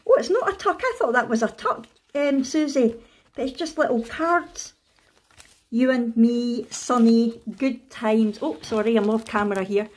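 A Scottish woman in a casual craft unboxing vlog, excitable and gushing, with frequent gasps and delighted exclamations. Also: a little high, unhurried. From Scotland. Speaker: craft vlogger.

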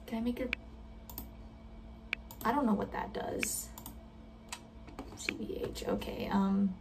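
A woman chatting casually while playing a game, self-deprecating and quick to giggle at her own mistakes. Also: mid-range voice, fairly even intonation, creaky, far from the mic, noisy background. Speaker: gamer reacting to a game. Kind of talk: casual gameplay commentary.

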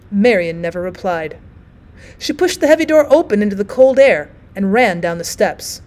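A woman teacher reading a short story aloud in an expressive audiobook narration. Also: mid-range voice, normal speed.

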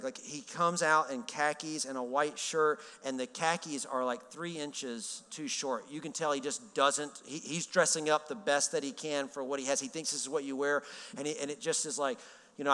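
A man's voice: mid-range voice, fairly bright tone, smooth. A male pastor telling a story in a sermon, casual and humorous, acting out the dialogue he quotes. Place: large church hall. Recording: reverberant church hall.

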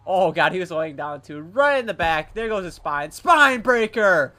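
A gaming channel host giving excitable live gameplay commentary, swearing and mocking themself. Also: medium pitch, normal speed.

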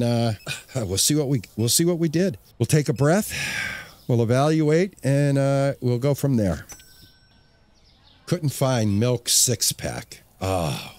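A man hosting a casual let's-play, narrating his gameplay as he goes and often repeating words to himself when things get busy. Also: mid-range voice. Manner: talks to himself, repeats words under pressure. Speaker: gaming channel host.

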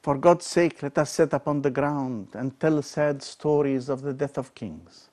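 A deposed king mourns his fall , voiced by a man reading aloud. The lines come at an unhurried, deliberate pace in a middle register, rising and fading in loudness as he declaims. He sounds melancholy and proud. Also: medium pitch, steady tone, close to an everyday voice. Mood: mournful. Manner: slow, declamatory, swelling and falling in loudness. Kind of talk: dramatic verse recitation.

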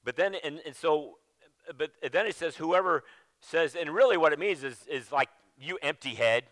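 A male pastor preaching a sermon with emphasis, often dropping to a low, quiet voice and restarting his sentences. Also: moderate pace, no echo. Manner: repeats phrases and restarts mid-sentence. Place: church sanctuary.

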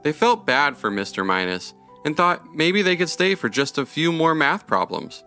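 A man narrating a children's story in a gentle, even reading. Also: a little high, moderate pace, few pauses, faint music behind.

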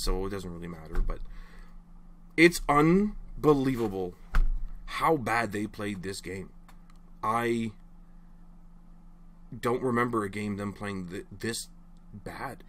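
A man's voice: medium pitch, a bit bright. A young man ranting casually to camera as a frustrated hockey fan, rambling and exasperated, apologizing after his outbursts.

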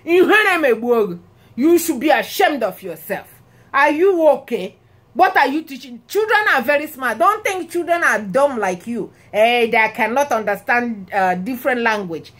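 High-voiced Nigerian woman vlogging animatedly. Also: unhurried. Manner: animated, laughing, exclamatory storytelling. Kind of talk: casual talk to camera.

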